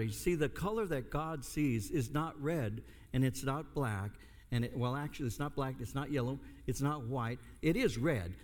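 A man's voice: medium pitch, a little mellow. An older man, a pastor, preaching a sermon and telling a story with comic asides. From United States. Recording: long hall reverb.

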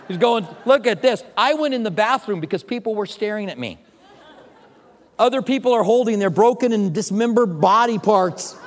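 Animated pastor in a reverberant hall. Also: male voice, sits high. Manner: animated, self-mocking storytelling. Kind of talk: sermon with personal story. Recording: long reverb of a large hall.

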